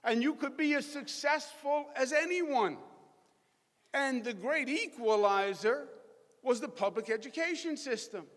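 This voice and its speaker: Brief: middle-aged Queens-accented male politician, high bright voice, booming hall reverb, rally speech. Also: expressive, a little slow. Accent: New York (Queens). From Queens, New York. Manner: rousing, folksy, crowd-working. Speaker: governor giving a speech. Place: large college hall with live audience. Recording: echoey hall, long reverb.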